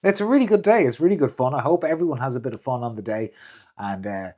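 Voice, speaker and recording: A man's voice: mid-range voice, lively intonation, fast talker, darkish tone. A young man with an Irish accent chatting casually on a couple's vlog, joking and restarting his sentences. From Ireland. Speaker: vlog guest, the host's boyfriend. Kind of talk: casual chat.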